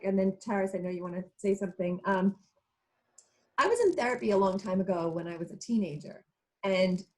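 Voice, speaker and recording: A woman's voice: medium pitch, rough recording. A woman in her thirties, co-hosting a casual talk show and telling a personal story, acting out what people said. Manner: chatty storyteller, acts out quotes. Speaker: co-host.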